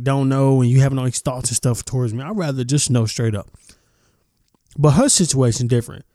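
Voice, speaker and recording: A man giving casual, blunt reaction commentary, swearing freely and often stopping to clear his throat. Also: medium pitch, dark tone, no room sound, clean studio sound. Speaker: commentary vlogger.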